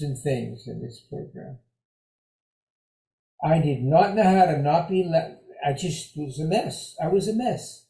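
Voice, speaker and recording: An older man tells his own story in a high, mellow voice. He talks in an animated, conversational way and leans on repeated phrases. The room around him rings with echo. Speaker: storyteller sharing recovery story. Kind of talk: personal storytelling talk.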